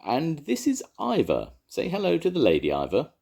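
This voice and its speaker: Brief: hooting, posh grand lady from a storybook, swooping high and wide, husky edge, as an older man puts her on. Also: wildly swooping pitch, moderate pace, a little mellow, exaggerated voice. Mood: hooting gush. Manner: hooting, gushing. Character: posh large well-bred lady investigator, hooting.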